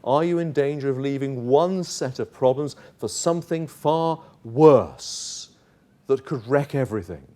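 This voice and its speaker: Preaching man with a mellow voice. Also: medium pitch, unhurried. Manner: impassioned, rising to loud urgent pleading; direct rhetorical questions to the congregation. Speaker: pastor. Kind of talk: sermon. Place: chapel.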